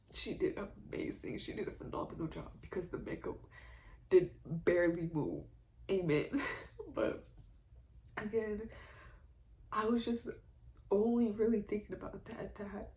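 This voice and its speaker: A woman's voice: on the high side, normal speed, darkish tone. A twenty-one-year-old woman giving a heartfelt faith testimony, earnest and emotional, tearful at times. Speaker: vlogger sharing a faith testimony.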